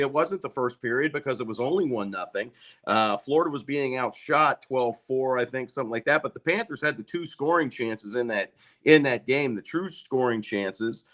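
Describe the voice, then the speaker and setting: Calm male hockey reporter. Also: mid-range voice. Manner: reassuring, many fillers. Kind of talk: casual sports talk interview.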